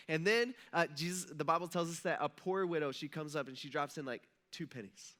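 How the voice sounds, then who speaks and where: A man's voice: a little high, fast talker, few pauses, fairly bright tone, clear, resonant tone. A male pastor preaching a sermon in a church auditorium, telling the story in a casual, conversational way and acting out the quotes.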